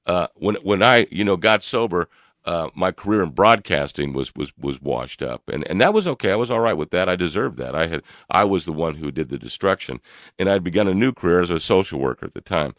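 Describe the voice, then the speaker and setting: Deep-voiced older man telling a story. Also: fairly quick, dry recording, clean studio sound. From Louisville, Kentucky area. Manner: animated storyteller, laughs often, many fillers. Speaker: radio show co-host. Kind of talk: storytelling in casual chat.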